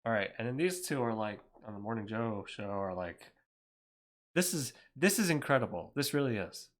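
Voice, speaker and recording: Casting: male livestreamer, mid-pitched, angry profane rant, rambling delivery. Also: animated, moderate pace.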